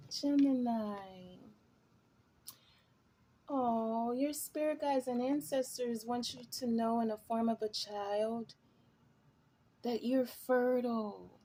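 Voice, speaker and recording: Woman tarot reader, slow musing delivery, somewhat high pitch. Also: fairly even intonation, dark tone. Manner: slow, musing and chatty, breaks into laughs. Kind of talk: tarot reading.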